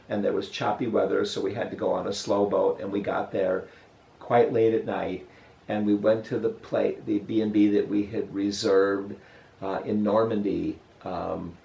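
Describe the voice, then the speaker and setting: An older man interviewing a guest, telling a memory in a halting, storytelling way. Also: fairly low pitch, gravelly, a little mellow. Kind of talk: casual reminiscing interview. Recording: roomy echo.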